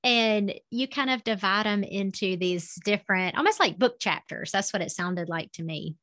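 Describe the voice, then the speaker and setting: A woman's voice: mid-range voice, moderate pace, fairly bright tone. Southern-accented woman interviewer. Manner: attentive, reflective questioning.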